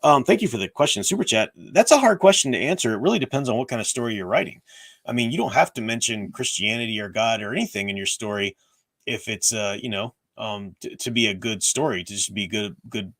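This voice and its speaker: A man with a somewhat low voice hosts a casual livestream, explaining his views in an earnest, thinking-aloud way. His voice is tired and strained. He answers viewer questions at length. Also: animated, fast, a bit bright. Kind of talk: casual livestream commentary on faith and fiction.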